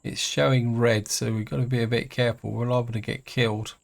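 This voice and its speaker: A middle-aged man giving casual let's-play commentary, chatty and hesitant, thinking aloud with many pauses. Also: mid-range voice, flat delivery, creaky. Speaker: gaming channel host.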